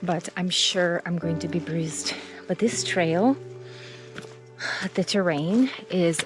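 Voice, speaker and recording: Woman hiker, winded, slow chatty trail vlog, music underneath. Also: fairly low pitch, low-quality recording. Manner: breathless, chatty, exclaiming. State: out of breath. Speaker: vlogger. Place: outdoors on a mountain hiking trail.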